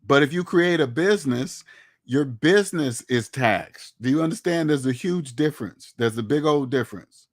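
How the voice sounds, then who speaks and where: Blunt, lecturing man, slightly high voice. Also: lively intonation, moderate pace. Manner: blunt, lecturing, rhetorical questions. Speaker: finance commentator. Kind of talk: casual opinionated talk to camera.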